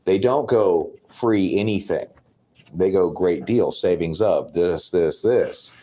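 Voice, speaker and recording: Man, low voice, blunt, opinionated, casual sales talk. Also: slow pace, mellow. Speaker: podcast co-host.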